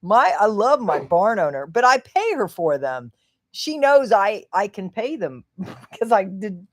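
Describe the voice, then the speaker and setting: A woman hosting a casual livestream, a little tipsy, rambling, laughing often and swinging from hushed to loud and excited. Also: medium pitch, a little slow. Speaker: livestream host.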